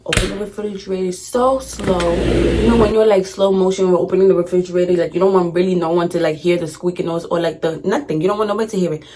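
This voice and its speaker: A woman's voice: lowish voice, a little hiss or hum. A young woman vlogger telling a funny story in casual, slangy, dramatic fashion. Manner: animated, slangy, dramatic retelling.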